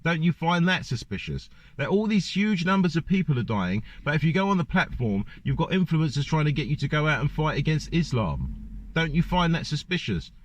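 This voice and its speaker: A man's voice: a little high, sing-song, fairly quick. A man ranting in a monologue to camera, firing off one rhetorical question after another. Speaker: vlogger. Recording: dull lo-fi dry recording.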